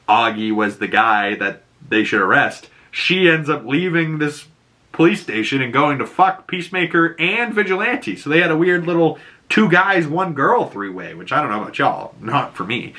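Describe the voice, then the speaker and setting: A man's voice: medium pitch, pushed and bright. A man casually recapping a TV show, laughing often and swearing freely.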